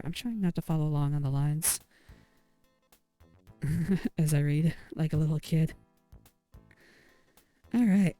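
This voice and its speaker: A woman casually talking through a retro game, reading its text aloud and tossing in dry, amused remarks. Her voice is mellow and warm, recorded close and dry, with faint game music underneath. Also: low-pitched, slow pace, pauses often, no room sound. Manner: wry, amused asides. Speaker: let's play host.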